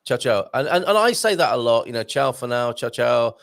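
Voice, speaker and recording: Chatty English host reading viewer questions. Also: male voice, medium pitch, very animated, brisk, gravelly, fairly bright tone, dry recording, clean studio sound. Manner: chatty, reads out viewer messages, jokey. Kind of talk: casual live Q&A hosting.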